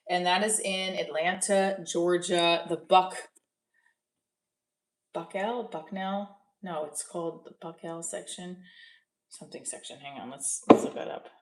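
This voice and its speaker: A woman's voice: mid-range voice, fairly bright tone, roomy sound, low-quality recording. A woman comedian with a New Jersey accent, chatting casually on a live stream, blunt and profane, reading viewer comments aloud.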